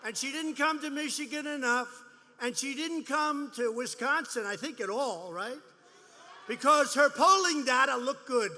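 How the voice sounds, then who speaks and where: A man's voice: very high-pitched, unhurried, sharp tone, long reverb tail, slight background noise. A man in his seventies giving a rambling, boastful, mocking campaign rally speech, repeating his phrases. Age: 70s. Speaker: politician speaking at a rally. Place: large rally venue.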